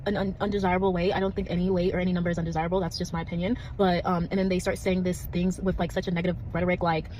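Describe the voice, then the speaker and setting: A woman giving her opinion in a casual video, talking quickly with many fillers. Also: on the low side, little pitch movement, a little mellow, a little hiss or hum, low-quality recording. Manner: rapid talk with many fillers.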